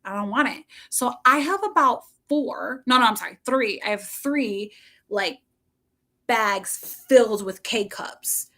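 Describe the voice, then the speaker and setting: A woman's voice: on the high side, expressive, takes it slowly, pushed and bright. A middle-aged woman chatting casually with viewers on a livestream from home, rambling and laughing often.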